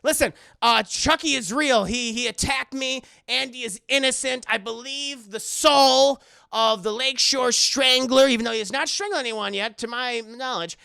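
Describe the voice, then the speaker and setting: A man's voice: very high-pitched, normal speed, gravelly, pushed and bright, clean tone, dry recording, clean studio sound, full character voice. A man voicing a distraught single mother, pleading urgently to be believed.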